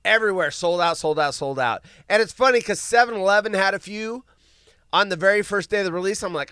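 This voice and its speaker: A man hosting a live show in casual chat, rambling and often bursting into yelling. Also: high voice, brisk, clear, resonant tone, dry recording, clean studio sound. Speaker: podcast host.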